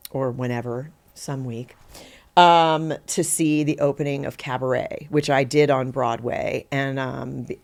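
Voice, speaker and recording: A middle-aged woman, an actor guest on a podcast, telling stories in a lively, conversational way and acting out the quotes in them. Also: extremely low pitch, creaky. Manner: animated, acts out quotes in her story, laughs easily. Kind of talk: conversational interview storytelling.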